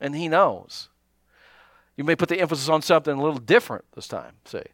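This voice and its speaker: A man pastor preaching a sermon, animated, calling out to his congregation and acting out little asides. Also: fairly high pitch, fairly quick, dry recording, clean studio sound.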